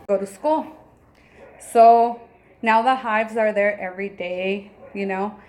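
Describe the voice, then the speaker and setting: A woman's voice: mid-range voice, takes it slowly, pauses often. A woman in her thirties, a mother, telling a personal story in a casual, emotional way, often acting out what people said. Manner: emotional, animated retelling with quoted dialogue. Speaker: mother and vlogger.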